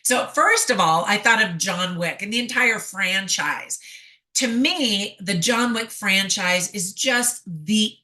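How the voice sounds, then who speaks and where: Bright, chatty woman reviewing a movie. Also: medium pitch, slow. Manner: chatty, laughs often, quotes dialogue with relish. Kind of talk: casual spoken review.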